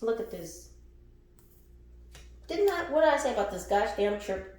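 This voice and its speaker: A woman's voice: on the high side, very animated, moderate pace, long pauses, a little mellow. A woman giving a casual spiritual reading, blunt and profane, who laughs between lines and repeats phrases for emphasis. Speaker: spiritual reader. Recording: very echoey room.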